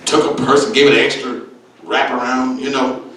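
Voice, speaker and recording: Flat in delivery yet brisk, his mid-range voice has a fairly bright tone as this comedian in his sixties does stand-up. He is streetwise and brash, with wild exaggeration and repeated "baby" asides, recorded on a distant mic in an echoey room.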